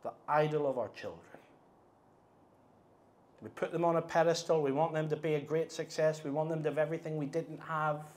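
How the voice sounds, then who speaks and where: A middle-aged man preaching a sermon at a conference, earnest, moving between hushed and emphatic delivery. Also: on the high side, fairly even intonation, brisk. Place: conference hall.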